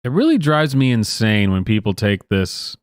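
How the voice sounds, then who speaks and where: A man's voice: fairly low pitch, big pitch swings, moderate pace, smooth, dry recording, studio quality. Sardonic man doing reaction commentary. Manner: sardonic, incredulous, chuckling asides. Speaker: online commentator.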